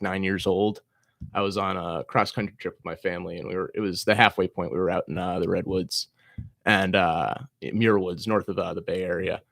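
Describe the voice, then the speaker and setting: A man's voice: deep voice, creaky, a bit bright, no echo, clean studio sound. A young man from Massachusetts, a guest in a casual chat, laid-back and swearing freely as he talks with enthusiasm.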